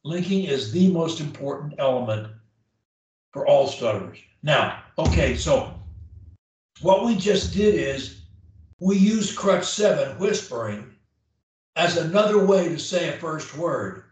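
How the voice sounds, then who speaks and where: A man's voice: fairly high pitch, expressive, unhurried, a little mellow. A man coaching a client one-on-one through speech drills, emphatic and demonstrating each drill aloud. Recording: very echoey room, mic at a distance.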